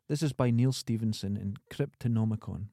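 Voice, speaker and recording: A Scottish man co-hosting a podcast, trading dry, sarcastic jokes in casual chat. His pitch is ordinary for a man. The recording is close and dry. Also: mellow, no room sound. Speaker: podcast co-host.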